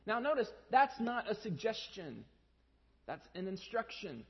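A man's voice: sits high, unhurried. A man in his thirties preaching a sermon as pastor, telling stories in a conversational way and acting out his children's voices. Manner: conversational storytelling, animated when quoting his kids. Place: large church sanctuary. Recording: dull sound with long hall reverb.

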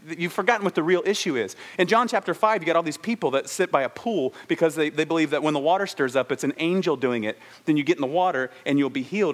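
A man preaching a sermon in a slightly high voice. He tells stories with animated energy and briefly acts out the characters' lines. For reflective points he drops to a soft, slow delivery.

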